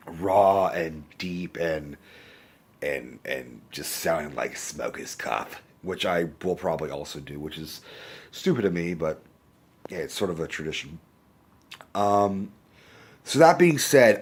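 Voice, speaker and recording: A man hosting a casual movie review rant, rambling and swearing, with a cough and a sore throat, recorded on a handheld phone. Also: fairly low pitch. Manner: rambling, swears freely, self-correcting. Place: indoors under a bright lamp. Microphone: handheld phone camera.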